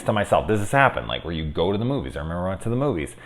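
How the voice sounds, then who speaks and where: Deep-voiced, profane man reviewing horror films. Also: sing-song, racing. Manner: candid and profane, swinging from quiet musing to loud exasperated outbursts. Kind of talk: casual spoken film review.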